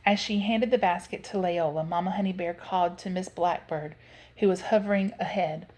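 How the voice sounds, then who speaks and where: A woman narrating a children's storybook aloud in a gentle, expressive way. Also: fairly low pitch, moderate pace. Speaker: reader.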